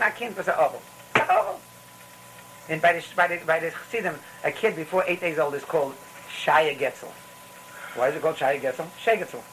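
A man with a fairly high, bright, forceful voice gives a rambling Torah talk in storytelling style, restarting often, repeating himself, and mixing in Yiddish phrases. The low-quality recording has slight background noise.

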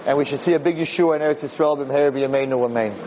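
A man's voice: medium pitch, quick pace, heavy background noise. A middle-aged man, a rabbi and teacher, telling a story in a Torah talk, acting out the dialogue and repeating phrases.

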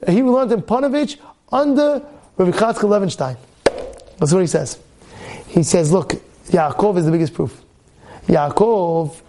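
A man, a rabbi, delivering an impassioned sermon, repeating phrases and breaking into shouted exhortations. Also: high-pitched.

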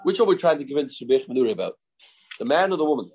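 A man's voice: medium pitch, very animated, racing, darkish tone, breathy edge, low-quality recording. A man teaching a daily Talmud class, mixing English with Hebrew and Aramaic terms and asking rhetorical questions.

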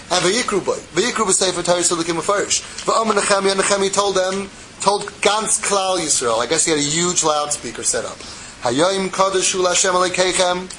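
A man's voice: high voice, fairly bright tone, a little hiss or hum, poor audio. A man teaching a religious text class who reads passages aloud and explains them in casual English, asking his students questions. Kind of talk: text study class, reading and translating.

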